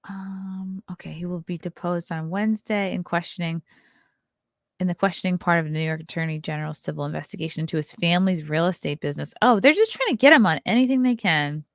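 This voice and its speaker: A woman's voice: lowish voice, quick pace, dry recording, clean studio sound. A woman hosting a casual live stream, reading news aloud and adding sarcastic asides to her chat. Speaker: show host.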